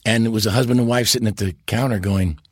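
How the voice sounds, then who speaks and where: A man in his sixties, an interview guest, telling stories in an animated way and breaking into impressions and big laughs. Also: fairly low pitch, fast talker, slightly rough, dry recording, clean studio sound. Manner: launches into impressions and laughs loudly. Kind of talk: animated storytelling.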